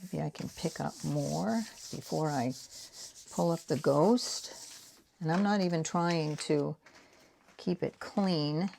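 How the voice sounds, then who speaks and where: A woman's voice: sits low, slow, vocal fry, darkish tone, slight background noise. A woman in her sixties with a Boston accent, chatting casually and rambling while she makes art prints. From Boston area. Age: 60s. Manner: rambling, self-deprecating, talks while painting. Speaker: art vlogger. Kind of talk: casual craft chat while working.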